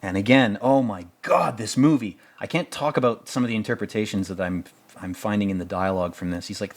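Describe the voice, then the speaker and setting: A man's voice: fairly low pitch, brisk. A man hosting a casual film commentary, rambling, profane and sarcastic as he picks apart a movie. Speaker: podcast host reviewing a film.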